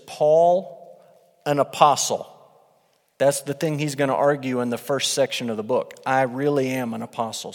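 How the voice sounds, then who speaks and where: A man preaching a sermon, teaching through a Bible passage in an animated way as he reads verses aloud and acts out quotes. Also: medium pitch. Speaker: pastor. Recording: long hall reverb.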